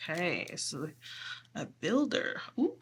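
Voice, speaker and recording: A woman with a hoarse voice giving a casual spiritual tarot reading, chatty and often asking "okay?". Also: lowish voice, big pitch swings, slow pace, a little hiss or hum. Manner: chatty, tags lines with "okay?". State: hoarse from losing her voice. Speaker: tarot reader.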